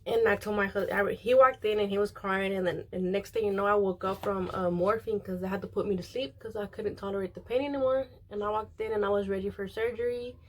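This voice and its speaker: A young woman chats casually while she does her makeup. She rambles with plenty of ums and likes and keeps slipping into quoting other people. Her pitch sits at an ordinary middle height. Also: fairly even intonation, fast, hardly any pauses. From Mexican. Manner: rambling, many fillers, quotes others. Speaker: beauty vlogger.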